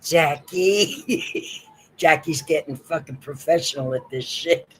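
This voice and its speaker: A man's voice: on the high side, takes it slowly, slight background noise, rough recording. A man hosting a casual livestream, talking with a partner, laughing often and cursing freely. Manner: profane, laughing often, bantering. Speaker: livestream host.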